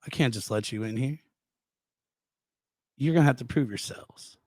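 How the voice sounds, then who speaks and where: A man's voice: mid-range voice, normal speed, a little mellow, husky, dry recording, clean studio sound, natural voice. A man voicing a stern male gatekeeper of heaven in a joke he tells.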